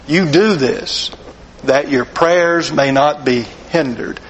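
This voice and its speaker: A man preaching a sermon, slow and deliberate, earnest, asking rhetorical questions of his listeners. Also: a little high, slight background noise, rough recording.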